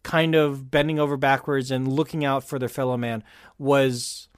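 A man from California talks in a loose, rambling podcast chat, full of ums and restarts. His voice sits at an ordinary middle pitch. The sound is dry and close, with no room around it. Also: little pitch movement, normal speed, clean tone, dry recording. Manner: chatty, rambling with fillers and restarts. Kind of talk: casual chat.

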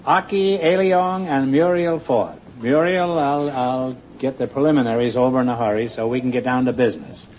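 A man's voice: medium pitch, fairly even intonation, a little mellow. Guy hosting an old quiz show, teasing wisecracks, dull hissy old broadcast sound. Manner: quick joking teasing delivery.

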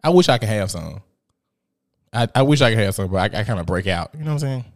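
Animated, profane man chatting. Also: fast talker. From Memphis, Tennessee. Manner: animated, profane storytelling with sudden high-pitched outbursts. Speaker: podcast host. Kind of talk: casual profane chat.

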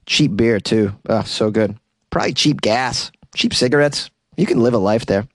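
A man's voice: medium pitch, normal speed, dry recording. Wry rambling male podcast comedian. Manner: wry, rambling, laughs at own jokes. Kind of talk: casual solo podcast monologue. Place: small closet studio.

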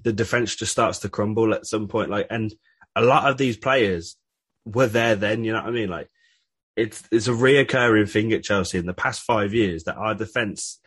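Podcast guest guy, chill and chatty, says like a lot, husky voice, dry sound. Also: on the low side, fairly bright tone, no echo. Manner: loose, conversational, lots of "like". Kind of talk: casual fan podcast chat.

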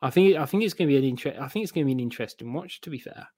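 A man guesting on a casual podcast, talking things through in a rambling, hedging way. His voice sits at an ordinary middle pitch. The sound is dry and close. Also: expressive, rapid-fire, a little mellow, slightly rough, no room sound. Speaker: guest football fan.

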